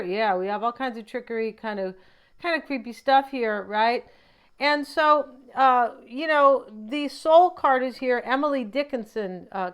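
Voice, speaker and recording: Chatty woman with a smooth, higher voice. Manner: chatty, often ends thoughts with a questioning "right?"; rambling, with many asides. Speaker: tarot reader. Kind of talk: casual tarot card reading.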